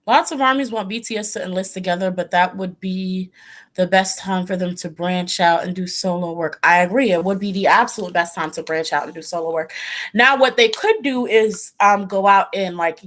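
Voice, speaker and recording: A woman hosting a casual commentary chat, talking loosely and breaking into loud laughing shouts. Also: medium pitch, moderate pace. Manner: chatty, bursts into laughing shouts. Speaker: host.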